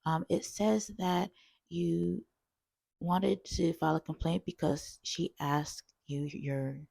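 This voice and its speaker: A woman's voice: lowish voice, steady tone, slow, vocal fry, warm tone, no echo, pitched above the performer's own voice, heavily acted. A woman voicing a flustered female call-center coworker who stammers and repeats herself in a rush.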